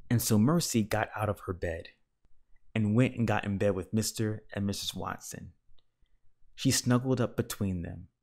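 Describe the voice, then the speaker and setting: A man reading a children's picture book aloud with gentle, measured storytelling. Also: on the low side. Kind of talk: children's read-aloud narration.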